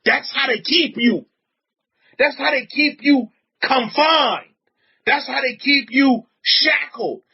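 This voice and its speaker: A man's voice: slow, vocal fry. A man, a rabbi, preaching emphatically on a livestream, reading out chat comments and repeating his points. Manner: emphatic, repetitive preaching with frequent pitch swings. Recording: dull lo-fi audio.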